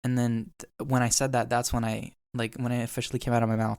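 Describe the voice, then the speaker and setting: A man's voice: mid-range voice, steady tone, brisk, dry recording. A young man hosting a podcast, telling an emotional story in casual chat and swearing now and then. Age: young adult. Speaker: podcast host.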